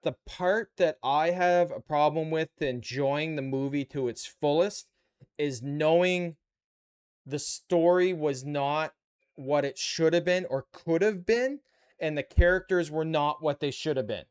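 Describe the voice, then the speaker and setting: While assembling a model kit live, a Canadian man with a Canadian accent chats easily and teases back and forth with his viewers. His voice is a little high and clean-toned, delivered at a measured pace.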